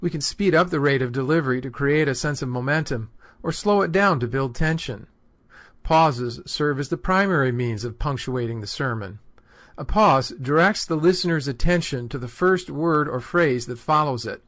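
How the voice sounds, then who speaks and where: A man giving a scripted, measured lesson on delivering sermons. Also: mid-range voice, a bit bright. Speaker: homiletics teacher. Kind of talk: scripted instructional narration.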